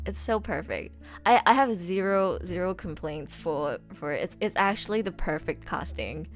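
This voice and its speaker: Bubbly young woman streamer, lively pitch. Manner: bubbly, giggly, gushing with enthusiasm. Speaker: voice actress streamer. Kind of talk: casual live-stream chat.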